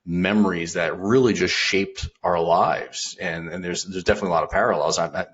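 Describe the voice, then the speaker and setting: Deep-voiced middle-aged male host. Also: steady tone, brisk, fairly bright tone, husky, dull audio. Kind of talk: casual interview talk.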